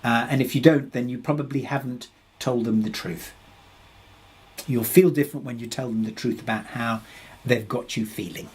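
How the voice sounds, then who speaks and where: A man's voice: medium pitch, fairly even intonation, normal speed, a little mellow, breathy edge. A man presenting a webinar, answering audience questions in a hesitant way, with many restarts. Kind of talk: live webinar Q&A.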